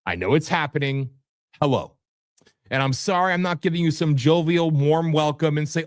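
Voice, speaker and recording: A man hosting his own political livestream, combative and sarcastic, swinging between loud jabs and muttered asides. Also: a little high, fast, dry recording, studio quality. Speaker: host and political candidate. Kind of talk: ranting livestream talk. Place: home setup with virtual background.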